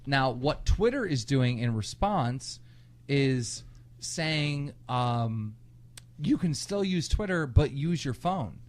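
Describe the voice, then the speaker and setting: A man co-hosting a casual podcast, a bit tipsy, loud and laughing, telling stories with crude language. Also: medium pitch, expressive, slow pace. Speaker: podcast co-host. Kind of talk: casual drunk podcast chat.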